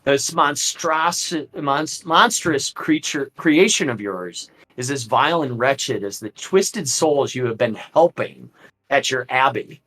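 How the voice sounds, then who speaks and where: A man's voice: mid-range voice, big pitch swings, moderate pace, a bit bright, breathy edge, low-quality recording. A man voicing a scornful aristocratic male vampire lord, speaking in a cold, mocking, theatrical way.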